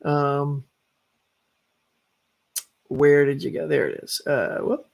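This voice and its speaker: A man's voice: fairly high pitch, expressive, slow, vocal fry. A man hosting a casual live-stream chat, ranting with animation and mimicking others in quoted lines. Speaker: host.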